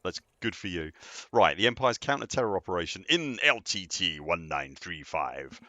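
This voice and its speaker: A man's voice: low voice, very animated, normal speed, hardly any pauses, pushed and bright, dry recording. A man casually chatting while live-streaming a game, rambling and answering viewers as he plays.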